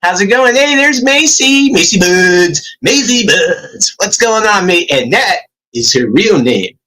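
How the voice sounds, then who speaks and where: A man hosts a casual livestream from home over a computer mic. His voice is bright and sits a little high, and he keeps the talk friendly and upbeat as he greets viewers by name. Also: lively intonation, measured pace, rough recording. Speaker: livestream host.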